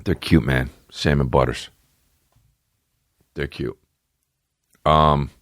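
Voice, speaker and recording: A man hosting a podcast in casual chat, rambling and swearing a lot, with big jumps in pitch. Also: fairly even intonation, slow pace, dry recording, studio quality. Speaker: podcast host. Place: home studio with barking dogs nearby.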